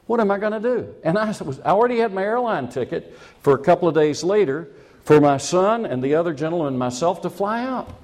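Lively, animated storytelling preacher man. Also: fairly high pitch, fairly quick. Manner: chatty, self-mocking storyteller who chuckles at his own jokes. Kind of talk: sermon with a personal story.

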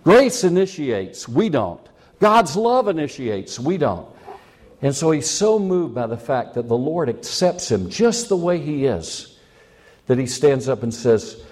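A man's voice: mid-range voice, very animated, measured pace, darkish tone. A man preaching a sermon, telling a personal story in a chatty, self-mocking way and chuckling at his own jokes.

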